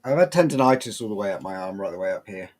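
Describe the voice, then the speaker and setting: A man's voice: on the low side, expressive, quick pace, a little mellow. A man talking casually in a group chat, matter-of-fact about an old injury.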